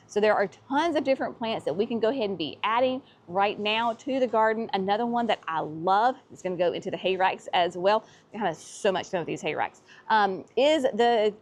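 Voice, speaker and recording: Chatty woman gushing over plants. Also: mid-range voice. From North Carolina, US. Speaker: nursery owner and channel host. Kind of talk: casual gardening vlog walkthrough. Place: plant nursery, outdoors.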